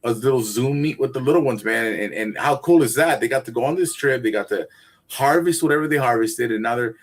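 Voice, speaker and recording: A man talks as a guest on a casual livestream chat, his voice at an ordinary middle pitch. He rambles with enthusiasm, restarting sentences and checking in with "right?". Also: fast talker. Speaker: guest, gardening teacher.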